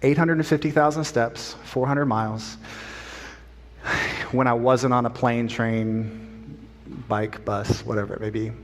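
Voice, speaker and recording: A middle-aged man preaching a sermon as a pastor, an animated, self-deprecating storyteller, in a church sanctuary. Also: medium pitch, a little slow, long pauses. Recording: long church hall reverb.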